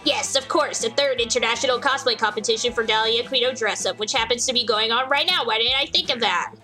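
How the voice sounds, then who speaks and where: A woman's voice: fairly high pitch, fast, bright, forceful tone, faint music behind, poor audio. A young woman hosting a story game, reading its text aloud in a mock-grandiose, playful way. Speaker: host playing a story game.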